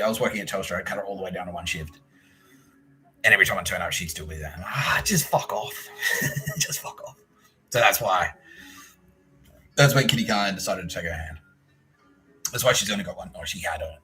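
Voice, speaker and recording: A man's voice: deep voice, pushed and bright, rough recording. A man with an Australian accent hosting a solo podcast, telling a long profane story in a rambling way and mimicking people he quotes. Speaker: podcast host.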